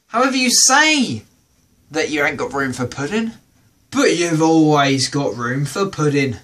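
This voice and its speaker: British guy doing a stand-up bit on his show, high-pitched and bright, lots of voices for the characters. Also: unhurried. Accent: British English. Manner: animated, acts out quoted voices. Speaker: comedy podcast host. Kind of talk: stand-up comedy routine.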